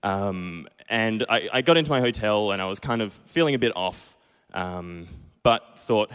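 Smooth-voiced young Australian man storytelling. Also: fairly low pitch, moderate pace, hardly any pauses, a bit bright, in a large hall. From Perth, Australia. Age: 20s. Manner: self-deprecating, acts out his own past lines. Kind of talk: live stage storytelling. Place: small pub stage.

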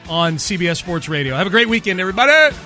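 A man's voice: fairly high pitch, lively intonation, fast, pushed and bright, faint music behind. A man hosting a sports radio show, upbeat and chatty as he wraps up. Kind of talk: casual sports chat.

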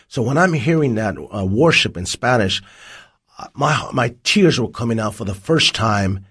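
A man's voice: lowish voice, slightly rough. A man giving a personal testimony as an interview guest, telling his story vividly. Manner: vivid storytelling, acts out dialogue.

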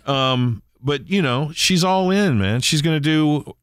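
A man's voice: on the high side, expressive, unhurried, smooth, dry recording, clean studio sound. A middle-aged man hosting a radio show, chatting casually and telling stories. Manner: chatty, storytelling.

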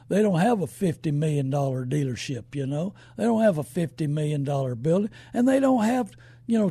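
A man hosting a call-in radio show, talking in a folksy, rambling way that builds to shouting. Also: high-pitched, gravelly, slightly rough, dry recording.

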